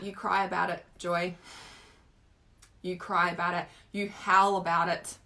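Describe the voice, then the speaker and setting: Aussie woman chatting through a spiritual lesson, lots of "like"s, bright forceful voice. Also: on the low side, a little slow, vocal fry, long pauses. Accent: Australian. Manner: expressive, chatty, full of "like" fillers. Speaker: spiritual healing teacher. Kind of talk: casual live-streamed teaching talk.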